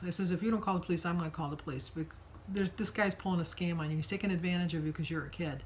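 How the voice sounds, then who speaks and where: An older woman recounts her day to the camera in a relaxed, rambling way. Her voice sits a little low. A faint hiss runs under the recording. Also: fast, poor audio. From Michigan. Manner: chatty storytelling with fillers. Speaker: vlogger. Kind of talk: casual daily vlog.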